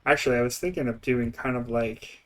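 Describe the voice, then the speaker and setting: A man's voice: medium pitch, steady tone, fairly quick, fairly bright tone. Eastern canadian guy streaming, young, chatty, rambles on and laughs a lot. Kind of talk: casual gameplay commentary.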